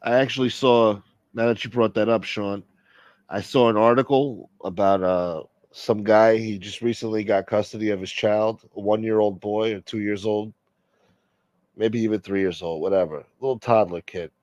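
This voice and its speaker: Brief: rambling, profane male stream host, low voice, dry close sound. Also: steady tone, moderate pace, a little mellow, no echo, dull audio. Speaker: livestream host. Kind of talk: casual live-stream chat.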